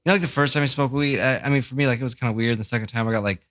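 A man's voice: mid-range voice, very fast, fairly bright tone. A man co-hosting a podcast who tells his own story in loose, profane chat. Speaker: podcast co-host, tattoo artist. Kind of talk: casual chat.

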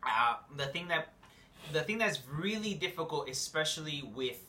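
A man's voice: fairly high pitch, lively intonation, normal speed, sharp tone, reverberant. A young man with a New York accent, chatting casually and loosely, full of slang and "like". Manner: laid-back, slangy, lots of "like". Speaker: host. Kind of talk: casual chat.

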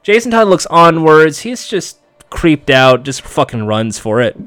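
A man talks through a TV episode in a casual, offhand play-by-play, sarcastic and quick to swear. His voice sits a little high and sounds smooth, and he takes his time. The recording is dry and close. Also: big pitch swings, a bit bright, no room sound. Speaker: TV episode recapper. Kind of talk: casual play-by-play recap commentary.

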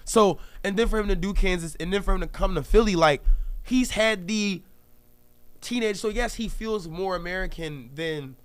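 A man's voice: high voice, moderate pace, clear, resonant tone. A man from co-hosting a sports podcast, telling stories in an emphatic, casual way. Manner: emphatic, storytelling. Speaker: podcast co-host.

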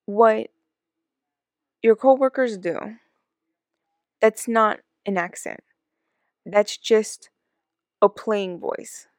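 A woman co-hosting a casual chat who rants in quick bursts and talks over her partner. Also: mid-range voice, darkish tone, no room sound, clean studio sound. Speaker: podcast co-host.

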